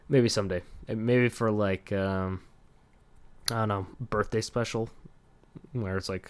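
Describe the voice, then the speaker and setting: Rambling low-voiced young man podcasting. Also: fairly even intonation, measured pace, long pauses, smooth. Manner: rambling, filler-heavy, self-deprecating, laughs often. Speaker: podcast host. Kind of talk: casual solo podcast rambling.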